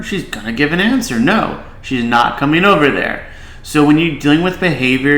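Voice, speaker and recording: A man's voice: mid-range voice, fairly bright tone, roomy sound, low-quality recording. A man, a child behavior specialist, giving casual reaction commentary and advice, with many filler "likes".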